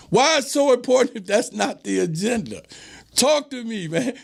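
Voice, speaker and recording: Male host, high-pitched with a gritty fry, emphatic commentary monologue that hammers on repeated phrases. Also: big pitch swings, brisk. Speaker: show host. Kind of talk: direct-to-camera commentary monologue.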